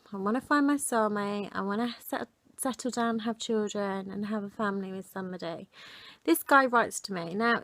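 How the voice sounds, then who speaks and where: A woman in her thirties telling a story to camera in an indignant, animated way. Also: medium pitch, no echo. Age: 30s. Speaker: vlogger. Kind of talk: casual talk to camera.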